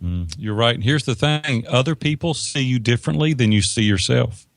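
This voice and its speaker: A man with a gravelly, mid-range voice, telling stories from his own life with emphatic, animated delivery. He talks to the host casually. The sound is dry and close, with no room echo. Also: mid-range voice, brisk. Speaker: interview guest, business mentor. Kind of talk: conversational storytelling.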